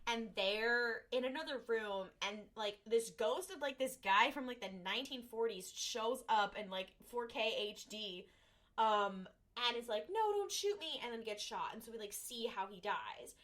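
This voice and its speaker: Her mid-range voice is a bit bright and she speaks at normal speed. As a podcast co-host, she retells an episode in a rambling, casual recap chat, leaning on filler like "like" and "um" and acting out lines.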